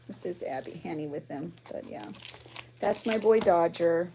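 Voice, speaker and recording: A woman's voice: lowish voice, normal speed, dark tone, a little hiss or hum. A woman hosting a craft journaling vlog, chatty and emotional, rambling with fillers as she shows her pages. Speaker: junk journaling video host.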